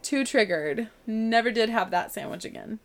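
A woman's voice: on the high side, expressive, moderate pace. A woman telling a personal story in a chatty, self-mocking way, laughing as she goes.

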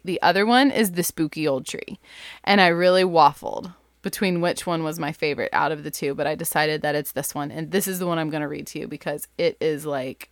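A woman's voice: deep voice, no echo, clean studio sound. A woman in her thirties, a parent, chatting enthusiastically about favorite picture books in a casual, rambling way. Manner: chatty, enthusiastic, lots of likes. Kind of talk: casual book recommendation chat.

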